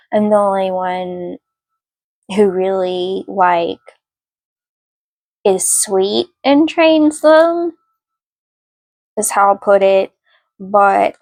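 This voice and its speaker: A woman's voice: medium pitch, gravelly, dry recording, poor audio. A young woman giving a casual, rambling tarot reading with lots of fillers. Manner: rambling, chatty, many fillers; yells at barking dogs mid-reading. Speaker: tarot card reader.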